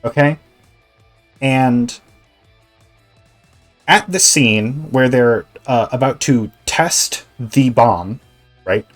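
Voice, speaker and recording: A male Twitch streamer chatting casually while gaming, rambling, animated, and swearing freely. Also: medium pitch, extremely slow, pauses often, faint music behind.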